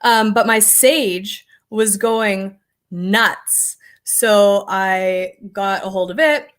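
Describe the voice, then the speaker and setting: A woman's voice: medium pitch, extremely slow, a bit bright. A middle-aged American woman hosting a casual homestead livestream, chatting rambly and reading viewer comments with frequent laughs.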